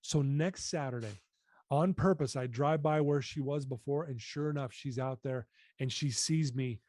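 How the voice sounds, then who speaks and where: A man in his fifties recounts his life story as an interview guest, speaking earnestly and with open emotion. His voice is warm and mellow, at an ordinary pitch. The recording is dry and close, with no room sound. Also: moderate pace, no room sound.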